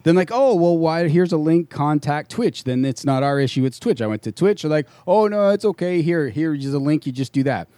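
A man with a slightly high voice speaks into a dry, close microphone. He tells a frustrated story in casual chat, swears freely and jumps into voices for the other people in it. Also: a little fast, hardly any pauses, no echo. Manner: animated, swearing, acts out quoted voices.

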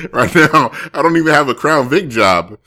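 A man's voice: on the high side, sharp tone. A man streaming casually, reading viewer comments and rambling through jokes and self-corrections.

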